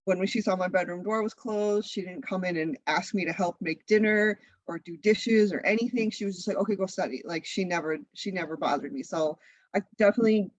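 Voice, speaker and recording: A woman in her thirties, a guest chatting in a casual interview, lively and laughing often. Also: fairly low pitch, brisk, no room sound, low-quality recording. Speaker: guest, content creator.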